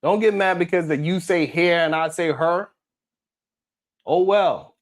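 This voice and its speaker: A man's voice: high-pitched, moderate pace. A man hosting a live stream, reading the chat and talking in a blunt, heated, profane way.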